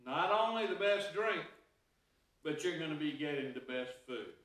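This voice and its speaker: A man preaches with a high, ringing, bright voice, telling folksy homespun stories between Scripture passages. The sound is heavily reverberant and set back from the microphone, as in a church sanctuary. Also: lively intonation, normal speed. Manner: folksy storytelling with homespun anecdotes. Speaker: pastor. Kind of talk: sermon. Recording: very echoey room, voice heard from a distance.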